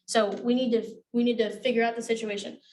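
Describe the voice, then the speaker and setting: A woman's voice: on the high side, level tone, fast talker, darkish tone. A woman coaching real estate agents in a classroom. She is blunt, swears freely and acts out dialogue as she teaches. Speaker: real estate negotiation trainer. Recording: voice from a distance.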